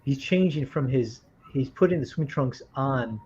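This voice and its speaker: A man's voice: medium pitch, lively intonation, unhurried, a little mellow, husky. A man chatting casually, laughing easily and recounting scenes, on a dull lo-fi recording. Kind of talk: casual chat.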